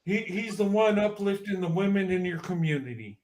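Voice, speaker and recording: Man in his fifties, high-pitched voice, impassioned testimony, emphatic and repetitive. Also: expressive, a little fast, darkish tone. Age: 50s. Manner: emotional, emphatic, repeats himself.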